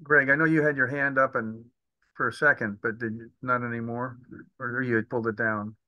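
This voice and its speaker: A man speaking as a committee member in a remote meeting, halting and searching for words over a video call. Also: mid-range voice, steady tone, dry recording, dull audio.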